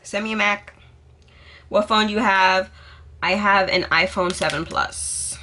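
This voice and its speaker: A woman's voice: mid-range voice, measured pace, sharp tone. A young woman vlogging casually, sassy and dramatic, swearing freely as she answers questions about herself. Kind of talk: casual get-to-know-me vlog.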